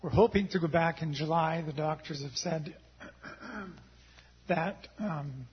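A hoarse man who is a missionary guest, answering interview questions and pausing to clear his throat. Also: on the high side, slight background noise. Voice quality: husky. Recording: dull lo-fi sound.

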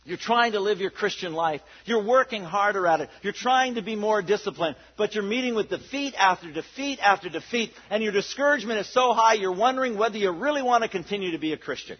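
A man with a high, husky voice preaches with fervor, sliding from near-whispers into ringing declarations. The recording is dull and lo-fi. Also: animated, fairly quick, hardly any pauses. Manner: impassioned preaching, swinging from hushed to loud. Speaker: pastor. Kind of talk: sermon.

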